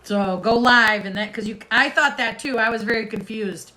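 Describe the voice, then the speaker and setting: Woman livestream host, chatty and casual, voice a bit high. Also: normal speed, bright, forceful tone, rough recording. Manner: chatty, talks to viewers in the comments.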